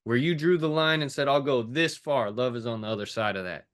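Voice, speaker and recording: A man's voice: mid-range voice, a little fast. A man, a fitness and life coach as a guest, talking emotionally and intensely in an interview, swearing now and then. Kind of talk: impassioned interview talk.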